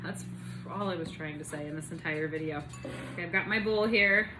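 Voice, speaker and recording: A woman's voice: on the low side, a little fast, over music. A woman hosting a casual home cooking video, chatty and bubbly with playful asides, in her home kitchen.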